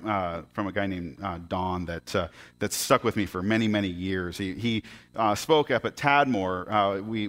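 A man's voice: on the low side, a bit bright. Man telling a story in a sermon. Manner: conversational, halting, with frequent restarts. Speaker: pastor.

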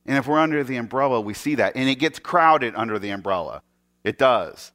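A man preaching a sermon as a pastor, telling an animated story, acting out the voices of the people in it and often restarting his sentences. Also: medium pitch, a little fast. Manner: animated storyteller who acts out quoted voices; frequent stammered restarts.

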